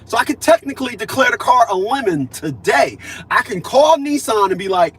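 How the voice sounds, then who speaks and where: With a very high, sing-song voice that's a bit bright and has a breathy edge, this fifty-something vlogger talks at normal speed. He's emphatic and repeats himself in a casual monologue, acting out past conversations.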